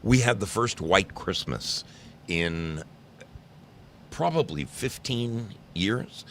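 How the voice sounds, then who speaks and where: He's a New Jersey livestream host in his sixties, casually chatting with his live chat viewers, teasing and meandering through stories. He speaks slowly in a lowish, animated voice with a fairly bright tone, against slight background noise.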